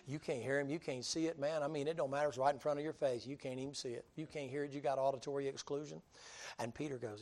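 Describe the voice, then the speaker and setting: A man preaching a storytelling sermon in a folksy, humorous way, swinging between loud and quiet delivery. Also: medium pitch, steady tone, fast talker.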